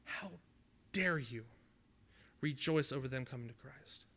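Bright-voiced preacher, talky and dramatic. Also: male voice, mid-range voice, unhurried. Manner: conversational, dramatic swings from loud to hushed. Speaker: youth camp preacher. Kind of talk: sermon.

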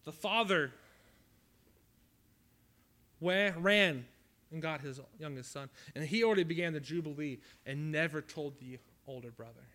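A man preaching a sermon at a youth camp, conversational and dramatic, swinging from loud to hushed. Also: on the high side, measured pace, pauses often.

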